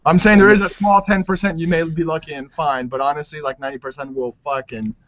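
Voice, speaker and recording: A man's voice: a little high, steady tone, quick pace, crowd noise. A man in a casual group chat, joking crudely and boisterously. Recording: dull lo-fi voice chat audio.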